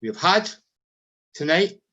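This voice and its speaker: A man's voice: a little high, big pitch swings, slow pace, sharp tone, lo-fi sound. A man giving an impassioned rally speech as a union speaker, repeating his phrases and firing off rhetorical questions.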